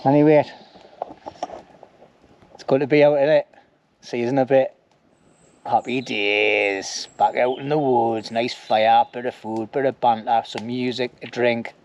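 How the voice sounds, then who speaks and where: Chatty man with a mellow voice. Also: mid-range voice, little pitch movement, normal speed, pauses often, highs cut off, a little hiss or hum. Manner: chatty and joking, with lots of "anyway" and "like". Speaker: bushcraft vlogger. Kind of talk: casual outdoor vlog narration. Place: woods outdoors by a campfire.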